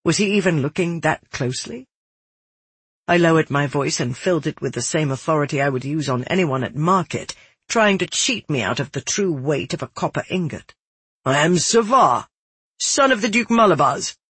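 A man reading a first-person fantasy novel aloud in a measured, somber way. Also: on the high side, a bit bright, slightly rough, dry recording. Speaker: audiobook narrator.

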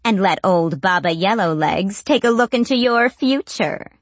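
A woman's voice: mid-range voice, animated, measured pace, a bit bright, dry recording, voice pushed up. A woman voicing an old crone witch who tells fortunes, sly and menacing, with a crooning, taunting manner. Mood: crooning menace.

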